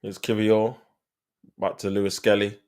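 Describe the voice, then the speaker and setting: A man hosting a live stream gives casual fan commentary on a match, heavy on slang, talking to his viewers and getting exasperated at the play. His voice is on the low side, a little mellow, clear and resonant, with a flat delivery at a moderate pace.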